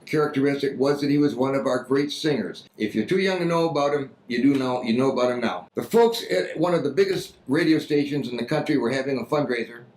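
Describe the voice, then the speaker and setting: A man giving a talk on fundraising, telling an anecdote in a lively, story-like way. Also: mid-range voice, reverberant, low-quality recording. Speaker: speaker on fundraising.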